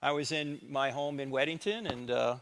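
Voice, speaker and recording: A man's voice: medium pitch, fairly even intonation, normal speed, fairly bright tone, slight background noise. A middle-aged man giving a talk in a church, dramatic and sarcastic, acting out bits of dialogue. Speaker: guest speaker. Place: church sanctuary.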